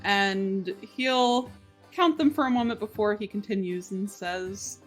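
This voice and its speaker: A woman narrating a tabletop game as game master, in a relaxed, hesitant way. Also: medium pitch, measured pace, soft background music.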